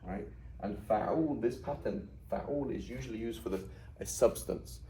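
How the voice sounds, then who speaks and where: Low, mellow-voiced man teaching a class. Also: measured pace, slight background noise, low-quality recording. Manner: conversational, asks the class questions. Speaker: Arabic teacher. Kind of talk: classroom lecture.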